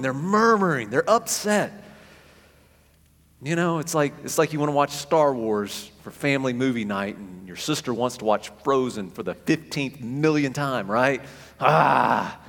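A man preaching a sermon as pastor, animated, often repeating phrases for emphasis and acting out quotes. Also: medium pitch. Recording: echoey hall with long reverb.

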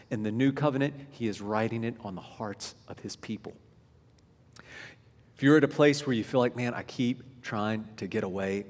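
Pastor preaching in a reverberant hall. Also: male voice, mid-range voice. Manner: conversational storytelling, drops to near whispers. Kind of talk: sermon.

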